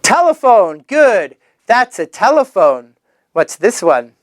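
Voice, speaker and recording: A man leads a children's English vocabulary lesson. His voice swoops up and down in a lively sing-song, and he speaks very slowly. Each word is stretched out and repeated on a close, dry mic. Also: sits high, no room sound. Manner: animated, sing-song, drawn-out repetition of words.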